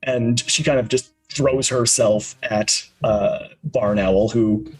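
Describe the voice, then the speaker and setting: A man's voice: mid-range voice, steady tone, slow, husky, faint music behind, rough recording. A man narrating a tabletop game as game master, hesitant, with many fillers.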